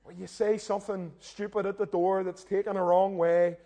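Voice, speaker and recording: A man's voice: high voice, flat delivery, moderate pace, warm tone. A young man, preaching a sermon in an earnest, direct way and poking fun at himself. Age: young adult. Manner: earnest, direct, self-deprecating, often addresses listeners as "guys". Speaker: minister.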